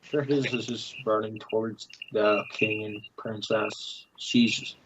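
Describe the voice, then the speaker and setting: A man narrating a tabletop game as game master, blunt and brisk, swearing casually. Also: fairly low pitch, fairly even intonation, lo-fi sound, noisy background.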